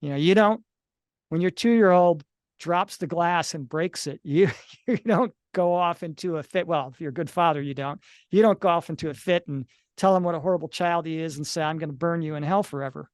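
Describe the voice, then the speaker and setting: In a clean studio recording with no echo, a middle-aged author and near-death-experience analyst speaks at normal speed in a slightly high voice. His interview answers are earnest and explanatory, sometimes turning into small acted-out scenes.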